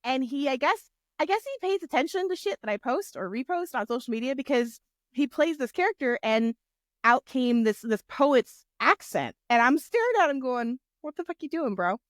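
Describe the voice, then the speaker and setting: A woman co-hosts a gaming podcast in casual chat. She is animated and chatty, and her voice is fairly high. The sound is dry and close. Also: normal speed, no room sound. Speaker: podcast co-host and game master.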